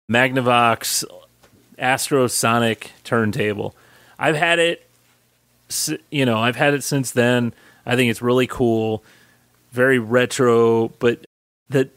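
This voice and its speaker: A man co-hosting a podcast in casual chat, talking in an easygoing way that stops and restarts often. His voice has a middle pitch. The sound is close and dry, with no echo. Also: fairly bright tone. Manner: easygoing, halting talk with fillers and restarts. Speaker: podcast co-host.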